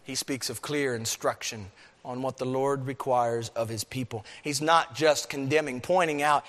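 A man preaching a sermon, swinging between emphatic, raised peaks and low, quiet stretches. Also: fairly even intonation, moderate pace. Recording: long hall reverb.

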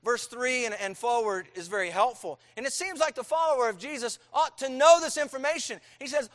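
Man, pastor, sermon, emphatic rhetorical questions, forceful outbursts, high voice, long church-hall reverb. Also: animated, brisk, few pauses.

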